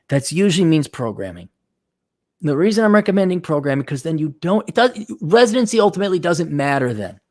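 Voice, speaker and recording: Blunt, profane middle-aged man giving advice. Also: on the high side. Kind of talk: unscripted advice monologue.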